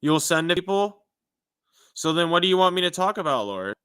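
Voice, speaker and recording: A man preaching casually on a livestream, asking God questions aloud and chatting with viewers, with swings from loud declarations to hushed apologies. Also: high-pitched, big pitch swings, a little fast, clean tone, no echo, studio quality. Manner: casual, chatty with viewers, uses "dude" and "you know". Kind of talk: casual livestream testimony and prophecy.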